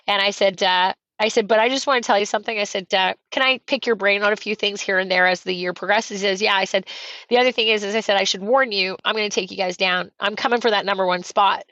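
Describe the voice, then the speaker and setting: A woman from Canada, a real estate coach telling her story as a guest, animated and fast with acted-out quotes. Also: medium pitch, no echo, muffled recording. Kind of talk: energetic storytelling interview.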